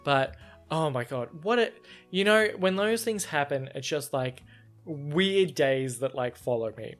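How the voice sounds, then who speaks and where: A young Australian man in his twenties, hosting his own podcast and telling stories in an animated, self-mocking way. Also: a little high, a little slow, faint music behind. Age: 20s. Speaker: podcast host. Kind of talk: casual solo podcast storytelling.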